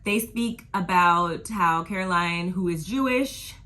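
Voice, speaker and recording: A chatty woman recapping a reality TV episode from her own channel, her voice bright and forceful. She talks in loose slang, laughs often, and acts out her own reactions. Her pitch sits a little low for a woman. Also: measured pace. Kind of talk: casual recap and review.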